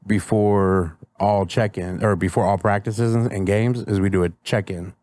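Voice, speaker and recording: A man's voice: fairly low pitch, steady tone, moderate pace, darkish tone, no echo, studio quality. A man who is a comedian and youth coach, a guest on a podcast, talking in a laid-back, playful way with casual slang. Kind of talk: casual conversational chat.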